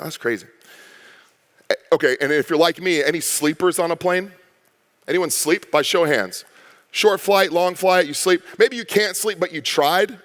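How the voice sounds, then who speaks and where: A man, a pastor, preaching a sermon with lively storytelling and acted-out quotes. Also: a little high, in a large hall. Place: church sanctuary.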